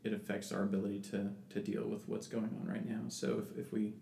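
A man's voice: fairly low pitch, completely flat delivery, a little fast, gravelly, mellow. A man in casual religious discussion who talks thoughtfully with many restarts and reads scripture aloud. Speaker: podcast co-host. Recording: echoey room with background noise.

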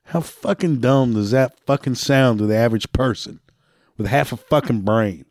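A man's voice: medium pitch, normal speed, a little mellow, no room sound. Man ranting, swearing hard. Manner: angry, swearing heavily, laughing between lines. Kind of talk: profane rant.

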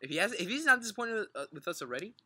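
A man's voice: high-pitched, racing, a little hiss or hum. A man co-hosting a podcast, joking and swearing, speaking thickly and running his words together. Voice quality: thick, mumbled articulation. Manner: excitable, swears a lot, laughs often. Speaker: podcast co-host. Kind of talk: casual podcast banter.

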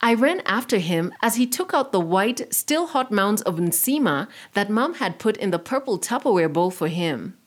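Slow woman storyteller, expressive, swoopy pitch, measured. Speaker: narrator. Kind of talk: scripted story narration.

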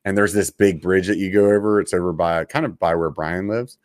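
A man's voice: low-pitched, a little fast, a little mellow, no room sound, studio quality. A man co-hosting a casual chat show, laid-back and saying dude a lot. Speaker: podcast co-host.

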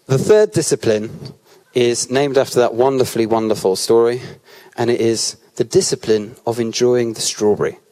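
A man with a British accent preaching in an easygoing, conversational way, weaving personal anecdotes into his teaching. He often breaks off and restarts his sentences as he tells a story. His voice sits at an ordinary, mid-range pitch. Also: a little mellow. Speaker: church speaker.

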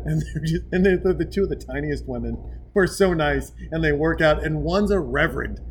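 A man in his forties, a podcast host, telling stories in a casual, animated way and laughing as he goes. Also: a little high, fairly quick, slight background noise, rough recording. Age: 40s. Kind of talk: casual storytelling chat.

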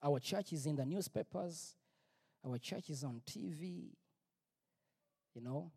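High, lively-voiced male preacher, reverberant hall. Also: slow pace, vocal fry, husky. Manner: emphatic, repetitive, rising to near-shouts. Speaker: pastor. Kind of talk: preaching testimony. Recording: long reverb, big hall.

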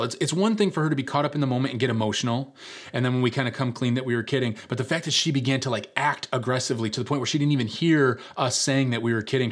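A man preaching a sermon in a conversational storytelling way, full of fillers, who repeats key lines for emphasis. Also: medium pitch. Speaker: pastor.

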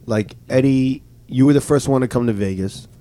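A man hosting a casual podcast, tossing out joking questions and quick reactions. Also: mid-range voice, warm tone. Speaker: podcast host. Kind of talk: casual interview chat.

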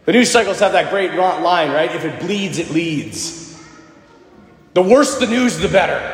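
Animated preaching man in an echoey hall. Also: high voice. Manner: animated storytelling, acting out quoted voices. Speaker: priest. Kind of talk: sermon.

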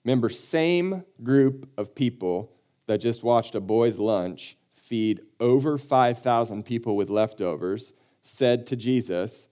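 A man's voice: medium pitch, takes it slowly, warm tone. A man pastor giving a casual, conversational sermon with joking asides, acting out the people he quotes.

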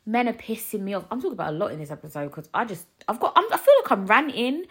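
A woman, ranting in a casual solo podcast, animated and rambling with frequent laughs. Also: mid-range voice, racing, few pauses, slightly rough. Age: 20s. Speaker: podcast host.

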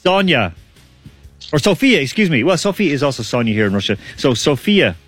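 A man's voice: a little high, sing-song, a little fast, a bit bright, breathy edge, soft background music. A man hosting a casual online quiz, chatty and laughing often. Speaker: quiz host.

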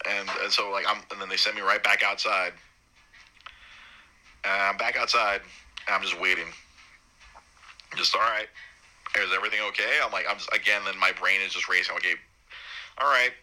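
A man telling the story of his son's birth in a casual, halting way. He is choked up and keeps restarting, and his voice jumps high when he quotes himself. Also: sharp tone, poor audio. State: choked up, holding back tears. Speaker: new father recounting his son's birth.

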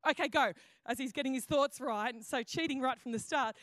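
A woman's voice: high voice, brisk, a bit bright, dry recording. A woman pastor preaching a sermon in a chatty storytelling way, with many restarts and fillers. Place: church auditorium.

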